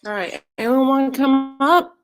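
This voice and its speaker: A woman's voice: high-pitched, expressive, normal speed. A woman live streamer chatting casually, rambling and greeting viewers by name.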